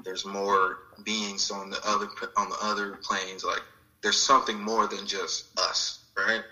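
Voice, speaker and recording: A man's voice: on the low side, flat delivery, a little slow, sharp tone, rough recording. A man sharing a personal spiritual story in an interview, reflective and acting out the voices of people he quotes. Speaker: guest.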